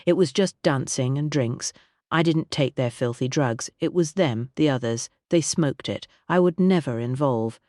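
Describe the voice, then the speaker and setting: A man voicing an indignant, blustering older gentleman with a bad temper. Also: medium pitch, unhurried, dry recording, studio quality, natural voice.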